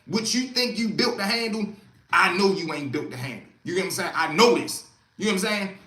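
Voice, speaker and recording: A streetwise man hosts a casual livestream, telling stories from the street and calling out to viewers by name. His voice sits high and sounds bright and forward. An echoey room surrounds him. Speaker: livestream host.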